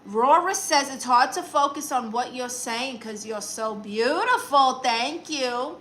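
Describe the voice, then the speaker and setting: A woman hosts a comic livestream as a self-styled aunt, reading out chat messages and tossing back sassy, deadpan replies. Her voice sits fairly high and sounds bright and forward, with a faint hiss of noise underneath. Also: unhurried, rough recording. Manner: sassy, dry comebacks to chat.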